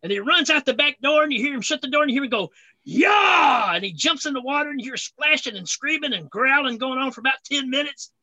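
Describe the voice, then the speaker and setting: Casting note: male co-host with a high, very bright voice and an animated storytelling style, recorded dry and close. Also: fast, few pauses, no room sound, poor audio. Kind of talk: casual chat and joke telling.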